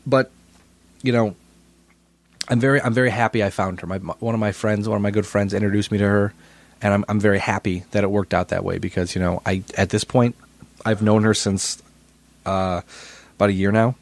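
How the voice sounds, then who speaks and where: A man's voice: on the low side, fairly even intonation, brisk, pauses often. A man co-hosting a podcast, telling a story in casual chat and often repeating his words. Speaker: podcast co-host.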